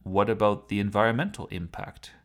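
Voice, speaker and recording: A man's voice: lowish voice, a little fast, lightly acted. A man voicing a haughty, witty male talking sports car with a dry, lecturing manner. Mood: wry.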